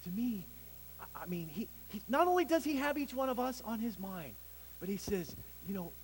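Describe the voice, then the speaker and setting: A man delivers a sermon as pastor with a lively, somewhat high voice that swells and falls. His delivery has emphatic peaks, and it carries a long church-hall reverb over a faint hum. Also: moderate pace, slightly rough. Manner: preaching with emphatic swells and drops, some restarts.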